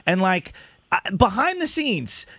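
A man co-hosting a sports radio talk show, animated and conversational. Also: high-pitched, a little slow, no echo.

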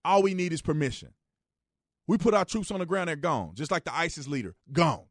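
A man hosting a radio talk show, giving casual joking opinion commentary, jumping between loud outbursts and low, quiet asides. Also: lively intonation, brisk, dry recording, studio quality.

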